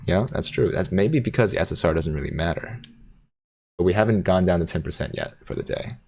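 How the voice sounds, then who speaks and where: Male streamer, low voice, casual and playful, reads chat comments aloud. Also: brisk, a little mellow, husky. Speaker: livestream host reading chat.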